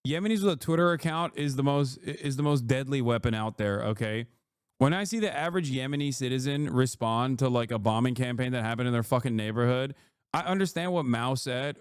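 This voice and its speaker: A man's voice: smooth, no echo, clean studio sound. A man streaming live and reacting to the news in an angry, profane, lecturing rant. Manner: angry, profane and lecturing, voice rising high when heated.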